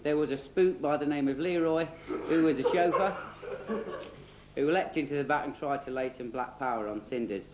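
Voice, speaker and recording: A man's voice: fairly high pitch, normal speed, heavy background noise. A man, presenting and telling a spoof children's story in a cheeky, giggly storybook tone. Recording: roomy echo.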